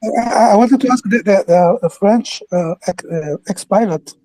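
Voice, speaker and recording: Stammering host with a mellow, dry voice. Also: mid-range voice, moderate pace, dry recording, low-quality recording. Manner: stammering, repeats words. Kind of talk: live audio chat moderating.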